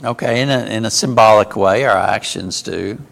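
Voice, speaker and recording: A man teaching a small Bible class in a relaxed, conversational manner. His voice has a gravelly, rough texture, and he keeps pausing to ask the group questions. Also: on the low side.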